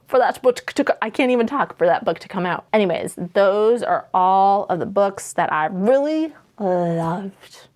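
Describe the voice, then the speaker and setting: A woman's voice: on the low side, darkish tone. Bubbly woman vlogger, casual gushing chat about favorite reads. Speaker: book vlogger.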